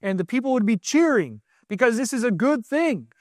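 High-voiced man preaching animatedly. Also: brisk, dry recording, studio quality. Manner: animated, restarts and repeats words, raises voice for quotes. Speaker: teacher. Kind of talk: sermon.

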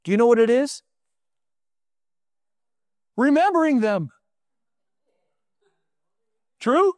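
Brief: animated male preacher, chatty sermon, asks the room questions, dry recording. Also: very high voice, unhurried, no room sound. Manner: conversational, asks the audience questions, animated storytelling.

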